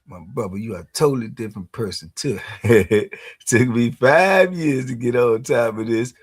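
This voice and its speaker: A man with a medium-pitched voice at normal speed hosts a live stream, chatting casually in laid-back slang. He laughs often and keeps asking "you dig?".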